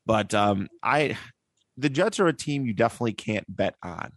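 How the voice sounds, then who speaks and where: A man's voice: lowish voice, expressive, normal speed, dry recording, clean studio sound. A man hosting a casual sports podcast, running the picks and reading stats off a list. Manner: runs the segment, reads stats off a list. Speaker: podcast host.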